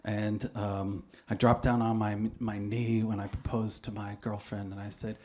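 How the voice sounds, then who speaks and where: A man's voice: lowish voice, level tone, moderate pace, hardly any pauses, dark tone. A man telling a self-mocking comic story on stage, rambling along with bursts of laughter. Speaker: comedian and poet. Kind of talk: live stand-up storytelling. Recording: live stage recording with guitar music. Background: guitar music.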